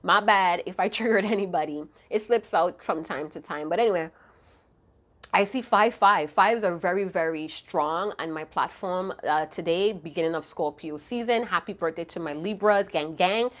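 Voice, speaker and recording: A slightly hoarse woman with a somewhat low voice reads tarot cards for her viewers. She talks in a loose, chatty way, full of slang and the odd curse, and hums along to songs she hears in her head. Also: normal speed. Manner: chatty, slangy and profane, hums song snippets. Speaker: tarot card reader. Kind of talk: casual tarot reading to viewers.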